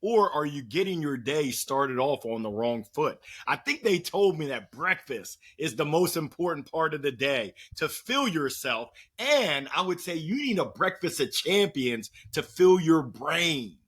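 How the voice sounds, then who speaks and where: A man with a husky, somewhat raised voice tells stories on a podcast, swinging his pitch widely as he goes. He talks like a motivational speaker and slips into playful impressions of the people he quotes. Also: sing-song, a little slow, hardly any pauses, fairly bright tone. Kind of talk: energetic storytelling conversation.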